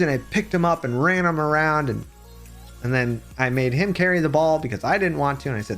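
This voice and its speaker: A man streaming live, chatting casually with his viewers and telling rambling, animated stories. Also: a little high, fairly quick, faint music behind. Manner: rambling, animated storytelling with chat shout-outs.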